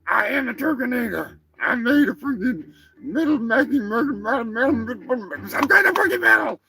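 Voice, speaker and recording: A rowdy, foul-mouthed male cyborg turkey, played by a man, squawking high and sharp. He swaggers and yells through a crude comedy show, cursing freely and bragging. His voice leaps around wildly. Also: lively intonation, fairly quick, husky, exaggerated voice. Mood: boastful. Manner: brash, cursing, yelling.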